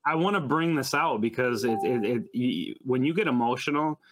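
A man's voice: mid-range voice, normal speed, noisy background. A man hosting a podcast interview, encouraging his guest to open up and keep talking. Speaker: podcast host. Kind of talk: casual interview chat.

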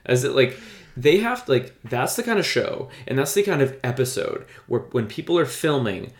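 A man's voice: medium pitch, big pitch swings, moderate pace, roomy sound. A man co-hosting a casual podcast chat, rambling and enthusiastic, with lots of fillers. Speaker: podcast co-host.

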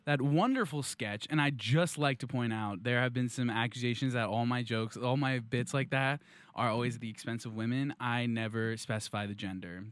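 Deadpan man hosting a comedy show. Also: mid-range voice. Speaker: host.

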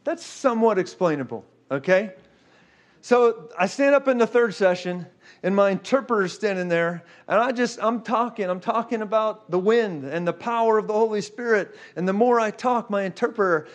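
Male preacher with a high voice, animated and fast in the story parts of a sermon. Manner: animated, fast storytelling with repeated "okay?" and "guess what".

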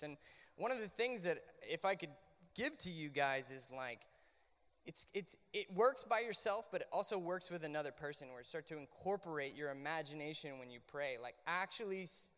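A man on a discussion panel, telling a personal story in a casual, animated way with lots of fillers and restarts. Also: high-pitched, in a large hall. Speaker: panel guest.

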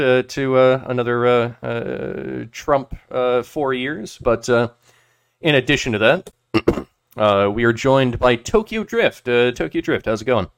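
A man's voice: medium pitch, fairly bright tone, clean tone. A man hosting a casual political podcast, talking hesitantly with constant filler sounds. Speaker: podcast host.

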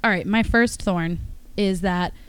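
A woman's voice: mid-range voice, unhurried, clear, resonant tone, no room sound. A young woman co-hosting a podcast in a casual chat, teasing and sarcastic, with frequent swearing. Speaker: podcast co-host.

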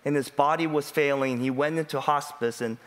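A middle-aged male pastor preaching a sermon, moving between relaxed storytelling and emphatic, rising preaching. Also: fairly high pitch, moderate pace. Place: church.

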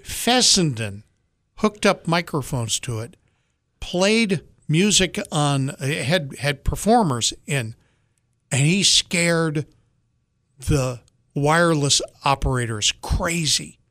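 A man co-hosting a radio show, chatting casually and chiming in with quick remarks. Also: on the high side, expressive, fairly bright tone, no room sound, studio quality. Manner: quick interjections, conversational. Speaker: radio co-host.

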